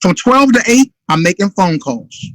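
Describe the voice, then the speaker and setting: A man's voice: high voice, sing-song, moderate pace, a bit bright, no echo, low-quality recording. A man giving a motivational business talk in an urgent, emphatic way, sometimes acting out sales calls. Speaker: motivational speaker.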